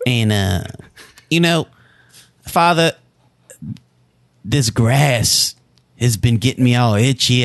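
A man's voice: medium pitch, takes it slowly, pauses often, no echo. A man improvising a crude, rambling confession in a comedy bit. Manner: crude, rambling, lively delivery. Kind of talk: improvised comedy role-play.

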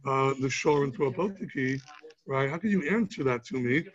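A man's voice: mid-range voice, a little fast, highs cut off. A man teaching a Talmud class, explaining each step with examples and rhetorical questions.

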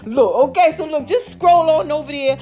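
A woman hosting her own podcast, talking casually and excitedly to her listeners, laughing often. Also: high voice, normal speed. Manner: hyped, expressive, laughs often. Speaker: podcast host.

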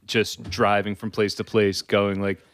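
A man co-hosting a podcast, talking in an easygoing, halting way with many fillers. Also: on the low side, flat delivery, clear, resonant tone. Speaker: podcast co-host. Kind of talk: casual chat.

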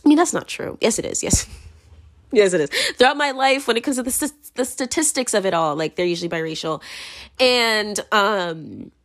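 A woman's voice: mid-range voice, expressive, normal speed. A young adult woman hosting a casual podcast monologue, rambling and filler-heavy, laughing often while moving around indoors. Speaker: podcast host.

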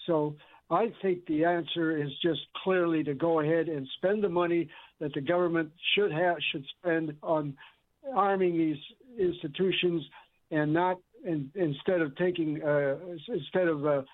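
A man's voice: a little high, fairly even intonation. A man calling in to a radio show, stumbling through his opinion with fillers and restarts. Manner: halting, many fillers and restarts. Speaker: caller. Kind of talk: call-in opinion. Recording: tinny phone line.

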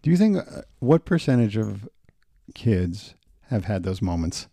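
A man's voice: fairly low pitch, sing-song, unhurried, vocal fry, mellow, dry recording. A man hosting a casual chat, laughing often and chiming in with short replies.

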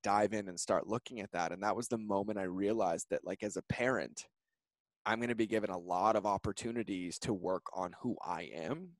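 A man in his thirties, a podcast guest, telling an emotional personal story in an earnest, heartfelt way with fast run-on phrasing. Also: on the low side, no echo. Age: 30s.

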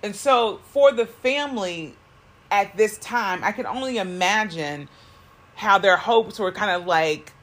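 A woman's voice: medium pitch, a little slow. A woman co-hosting a podcast in a car, talking in a rambling way with many fillers and self-corrections. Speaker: podcast co-host. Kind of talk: casual podcast chat.

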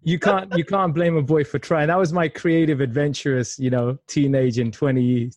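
A man hosting a podcast interview, chatty and upbeat, with a calm spoken sign-off. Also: a little high, normal speed, dry recording. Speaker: podcast host. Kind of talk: casual interview chat.

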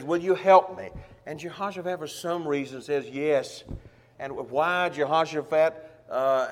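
A man's voice: fairly high pitch, darkish tone, big-room sound. A man preaching a sermon, telling a Bible story in a folksy way and acting out the characters' voices. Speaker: pastor.

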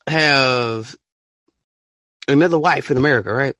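A man hosting a podcast, ranting his opinion in an animated, profane way and bursting into shouts. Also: a little high, normal speed, no echo, clean studio sound. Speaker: podcast host.

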